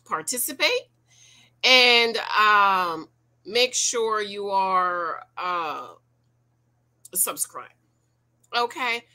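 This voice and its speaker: A woman in her forties giving casual reaction commentary to her viewers, animated and preachy, firing rhetorical questions at them. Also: mid-range voice. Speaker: YouTube commentator.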